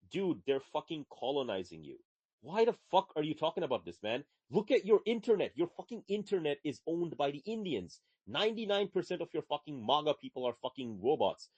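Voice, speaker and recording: Man, podcast co-host, profane ranting, lively pitch, casual chat. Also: brisk, breathy edge, dry recording. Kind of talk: casual live audio chat.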